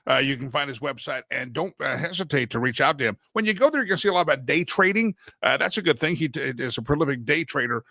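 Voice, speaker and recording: Bright, playful talk show host man. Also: fairly high pitch, lively intonation, fast, few pauses, no echo. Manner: playful and sarcastic. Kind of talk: casual talk show banter.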